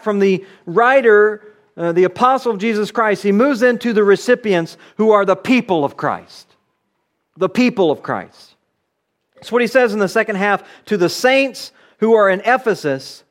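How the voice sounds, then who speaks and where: A man preaching a conversational sermon, reading scripture aloud and explaining it. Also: high-pitched. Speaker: pastor.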